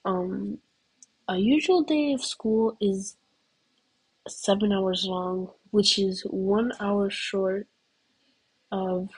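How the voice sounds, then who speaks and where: A woman's voice: mid-range voice, darkish tone, breathy edge, poor audio. A teenage girl student in a casual comedic rant, rambling and giggling with lots of "like". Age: teens.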